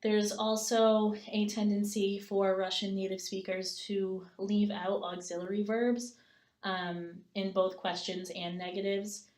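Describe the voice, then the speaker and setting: A woman's voice: medium pitch, little pitch movement, unhurried, darkish tone, reverberant. A woman giving a recorded class presentation, explaining step by step with frequent "um" fillers and reading example sentences aloud. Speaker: student presenter.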